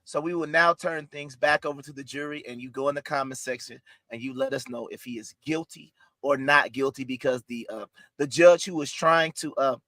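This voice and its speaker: Dry-sounding podcast host, theatrical. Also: male voice, mid-range voice, sharp tone, dry recording. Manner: theatrical, halting with fillers, mock outrage. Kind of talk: mock trial hosting and ad reads.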